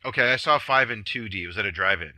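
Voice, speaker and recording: A man from Canada co-hosts a casual movie podcast and rambles, correcting himself and laughing as he goes. His voice is very bright and sharp, recorded close and dry. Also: on the low side, fast, dry recording. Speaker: podcast co-host.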